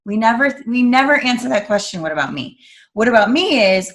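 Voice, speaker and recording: A middle-aged American woman, a guest speaker and coach, talks earnestly in a casual interview. Her fairly high voice moves a little fast, and she gets animated, acting out the voices of people she quotes.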